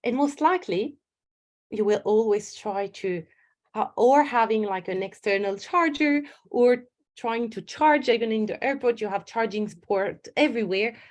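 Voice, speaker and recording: Middle-aged woman coach, lively storytelling webinar delivery. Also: a little high, moderate pace. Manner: animated storytelling with acted inner voices. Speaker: stress management coach. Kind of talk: webinar presentation.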